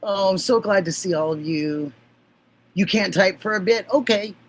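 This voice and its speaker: A woman hosting a livestream, chatting warmly with viewers and laughing often. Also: mid-range voice, moderate pace, slight background noise, low-quality recording. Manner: gushing, affectionate, laughs often. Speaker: livestream host. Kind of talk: casual livestream chat.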